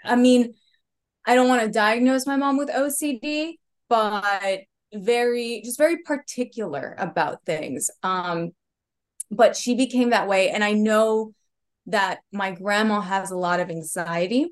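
A woman in her thirties, a comedian on a podcast, telling stories in an animated way with laughter. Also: mid-range voice, a little slow. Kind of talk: casual chat.

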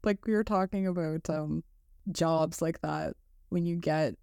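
A woman's voice: deep voice, a little slow, creaky, darkish tone, clean tone, dry recording. Sympathetic woman on a dry mic. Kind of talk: casual podcast chat.

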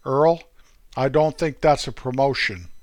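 A man voicing Forky, an earnest, goofy high school freshman boy, in a raised voice. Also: a little slow, dry recording, close to an everyday voice.

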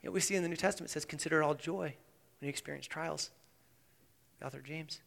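High-voiced male pastor preaching in a reverberant hall. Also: fast talker, creaky, pauses often. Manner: swings between hushed intensity and loud animated emphasis. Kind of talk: sermon. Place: church sanctuary. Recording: long church reverb.

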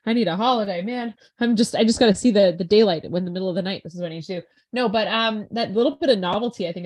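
Tired, chatty young woman, low-pitched. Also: darkish tone. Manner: chatty, tired and yawning, many fillers like "right" and "you know". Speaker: teacher and podcast co-host. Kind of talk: casual podcast conversation.

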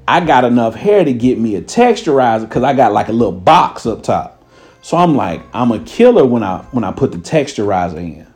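Animated man telling a comic story. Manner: animated, swings between loud quoted voices and low asides. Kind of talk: stand-up style storytelling.

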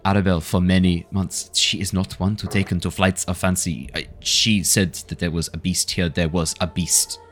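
A stern, gruff town guard captain with a thick Scottish brogue, as a man puts him on. The voice sits very low and firm, with faint music playing behind. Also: flat delivery, normal speed, hardly any pauses, a bit bright.

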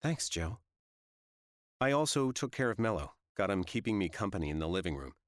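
A man with a very deep voice narrates a first-person audiobook in a low-key, measured manner. The recording is dry and close, with no room sound. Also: sing-song, no echo.

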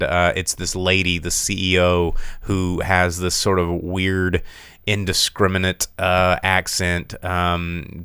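A man's voice: low-pitched, clean tone, dry recording, clean studio sound. A man hosting a casual podcast chat, rambling through a film review with lots of fillers and a sarcastic, mocking edge. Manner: animated, mocking delivery.

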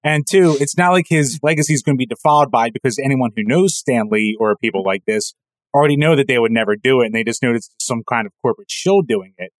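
A man co-hosting a casual podcast, speaking bluntly and dropping casual swears. His voice is at a middle pitch. The recording is dry, with no room echo. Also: fast talker. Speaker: podcast co-host. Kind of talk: casual chat.

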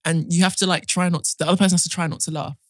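A woman co-hosting a casual podcast, teasing and giggly, often dropping to a quiet voice. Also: on the low side, steady tone, rapid-fire, dry recording, clean studio sound. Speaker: podcast co-host. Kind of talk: casual chat.

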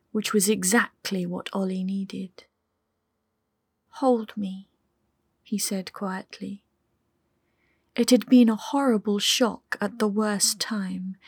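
A woman narrating an audiobook in a soft, intimate way that often drops to a whisper. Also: mid-range voice, gravelly, breathy edge, no room sound, studio quality. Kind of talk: scripted narration.

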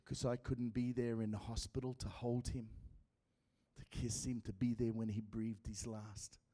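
A man preaching a sermon with an accent, swinging between loud shouting and hushed, dramatic passages. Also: medium pitch, little pitch movement, normal speed, no room sound. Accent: non-American.

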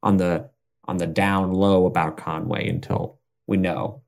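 A man voicing a brash frontier sheriff who talks roughly and rambles in a tabletop game. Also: low-pitched, level tone, a little slow, a little mellow, pitched below the performer's own voice. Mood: urgent.

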